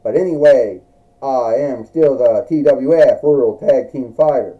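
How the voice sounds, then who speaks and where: A man doing James Kirk, halting and proud. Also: mid-range voice, close to an everyday voice. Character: male starship captain turned wrestler, proud. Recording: dull lo-fi recording.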